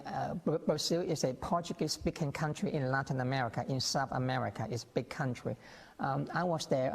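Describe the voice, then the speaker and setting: A man speaking as a guest on a TV interview, explaining his views earnestly with many repeated words and restarts. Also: a little high. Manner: earnest, repetitive, frequent restarts and stammered words. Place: TV studio. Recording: reverberant TV studio sound.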